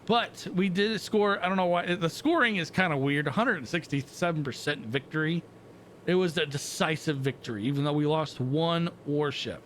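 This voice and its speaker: Man, gaming channel host, casual play-by-play, excitable reactions, higher-pitched voice. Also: normal speed, slight background noise. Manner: excitable, reacting aloud while playing. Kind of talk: casual game commentary.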